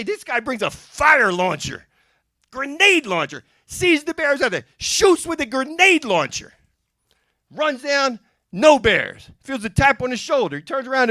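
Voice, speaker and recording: A man doing stand-up comedy, rattling off one joke after another and dipping into quick character voices. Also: extremely high pitch, bright, forceful tone, no echo, studio quality. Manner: rapid-fire joke delivery with character voices. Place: music and arts center stage.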